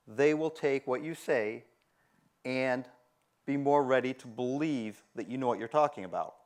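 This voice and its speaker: A man giving a conference talk on careers, animated and acting out the voices he quotes. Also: fairly high pitch. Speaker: conference speaker. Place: conference room.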